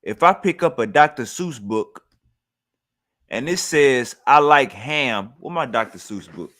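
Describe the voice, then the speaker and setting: A man's voice: medium pitch, animated, measured pace, fairly bright tone. Blunt, mocking male show host. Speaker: show host reacting to a clip. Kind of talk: casual commentary.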